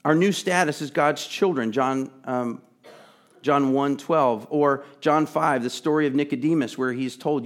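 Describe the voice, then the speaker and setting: A man preaching a sermon, earnest and emphatic, chatting with asides and sometimes dropping to a soft, pleading voice. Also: medium pitch, measured pace. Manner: drops to a soft, intimate tone to plead. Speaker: pastor.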